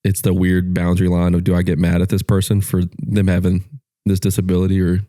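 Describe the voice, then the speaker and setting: A man with a low, mellow voice chatting on a podcast. He works through his thoughts out loud, restarting sentences and hedging as he goes. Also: completely flat delivery, a little fast. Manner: thinks aloud with restarts and hedging. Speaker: podcast co-host. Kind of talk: casual chat.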